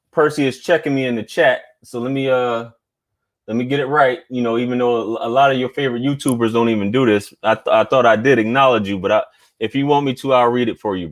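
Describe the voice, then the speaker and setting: A man hosting a casual live stream, talking in a laid-back, slangy way and reading viewer chats aloud. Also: medium pitch.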